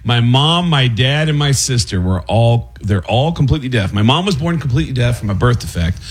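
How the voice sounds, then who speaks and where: A man's voice: mid-range voice, lively intonation, fairly quick, slightly rough. A comedian telling stories in a casual radio interview, acting out the people he quotes. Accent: none, learned speech from television. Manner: storytelling, acts out the people in his stories. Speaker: comedian and guest.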